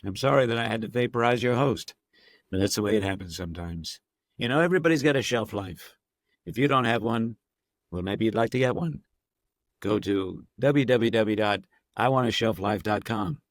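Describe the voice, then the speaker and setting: Playful male guest with a lowish voice, dry close sound; casual interview talk, drops into quick voice demos. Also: dry recording. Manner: playful, demonstrates voices while explaining. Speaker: actor and impressionist guest.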